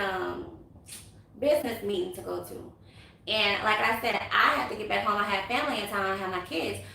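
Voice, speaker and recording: A young woman, telling a story to her viewers in a casual, animated vlog. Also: fairly high pitch, gravelly, a little hiss or hum. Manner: animated, chatty, quick asides to viewers. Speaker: vlogger. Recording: echoey room.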